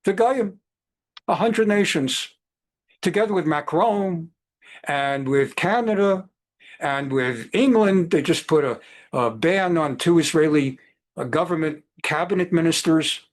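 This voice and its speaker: A man teaching a Torah class over a video call, digressive and lively, sprinkling in Hebrew terms. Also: fairly high pitch, measured pace. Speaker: rabbi teaching a Bible class.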